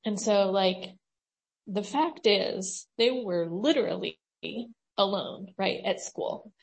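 Woman, slow and halting delivery, lots of fillers, casual group talk. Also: mid-range voice, animated, vocal fry. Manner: halting, many fillers, tearful at times.

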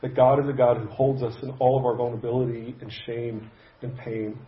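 A man's voice: mid-range voice, level tone, muffled recording. Man preaching in a roomy hall. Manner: conversational, halting with restarts and soft pauses. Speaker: pastor. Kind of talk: sermon storytelling. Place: church sanctuary.

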